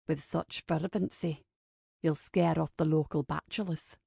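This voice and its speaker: A woman voicing a big, amused man who teases in a low murmur, in a storybook reading. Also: fairly even intonation, measured pace, gravelly, warm tone, slightly rough, no echo, studio quality, exaggerated voice. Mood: teasing. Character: big teasing human man, amused and dry.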